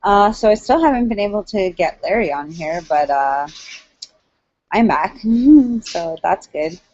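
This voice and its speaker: A woman's voice: mid-range voice, lively intonation, measured pace, darkish tone, dry recording. A middle-aged woman, rambling through a casual solo video chat from home on a computer mic. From Canada. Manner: rambling and chatty, with many fillers. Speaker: online hangout host. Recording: dull, dry lo-fi webcam audio.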